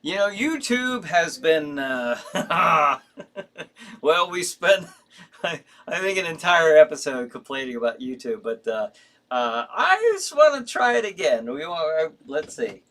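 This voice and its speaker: A man's voice: a little high, sing-song, measured pace, a bit bright. A man hosting a casual live stream, reading viewer comments aloud and answering them in a rambling way with fillers and restarts. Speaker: host.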